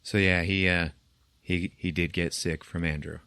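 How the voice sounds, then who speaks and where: A man's voice: low-pitched, fairly even intonation, normal speed, pushed and bright, clean tone, no echo, clean studio sound. A man hosting a podcast, casually retelling a movie's plot, acting out the characters' lines and laughing often. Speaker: podcast host. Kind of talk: casual film recap.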